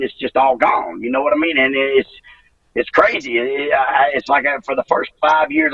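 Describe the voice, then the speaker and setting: A man in his fifties, a retired wrestler giving an interview, talking in a halting, emotional way, repeating himself and swearing freely. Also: a little high, vocal fry, husky, no room sound, far from the mic, narrow, tinny audio. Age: 50s. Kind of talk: emotional interview over a call.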